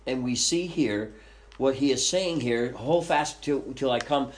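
A man's voice: mid-range voice, unhurried, a little hiss or hum. A man leading a Bible study, reading scripture aloud and explaining it conversationally, with questions to his listeners. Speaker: Bible teacher.

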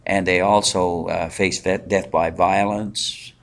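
A man leading a Bible study in a conversational way, pausing with fillers and asking the group questions. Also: sits low, level tone. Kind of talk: interactive Bible teaching.

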